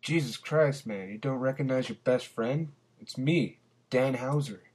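A man's voice: fairly low pitch, lightly acted. A man voicing a cocky, foul-mouthed male friend who chain-smokes, talking in brash, profane bursts. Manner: brash and profane, with quick outbursts.

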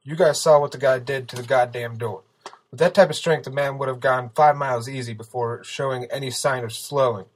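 A man voicing a foul-mouthed, angry young soldier who shouts and curses. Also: mid-range voice, fairly even intonation, a little fast, voice pushed up, lightly acted. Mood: furious. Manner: shouting, cursing.

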